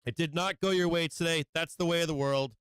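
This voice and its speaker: A man hosting a live stock market stream from his home office, swearing constantly and talking in an agitated, rapid-fire way. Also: fairly high pitch, steady tone, a bit bright, clean tone, no room sound. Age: adult with children. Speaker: stock market livestream host. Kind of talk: live market commentary to viewers.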